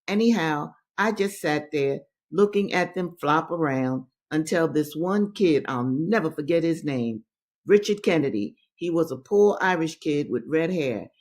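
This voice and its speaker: Woman host reading to her listeners, slow and deliberate, hammers words by repeating them. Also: low voice, animated, a little mellow. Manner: emphatic, repeats phrases for stress; addresses listeners directly as brothers and sisters. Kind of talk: livestream reading and commentary.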